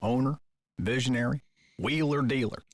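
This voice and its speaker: A man's voice: medium pitch, moderate pace, no echo, studio quality, close to an everyday voice. An actor playing a kindly older man who runs a movie theater projection booth, talking in a homespun, storytelling way.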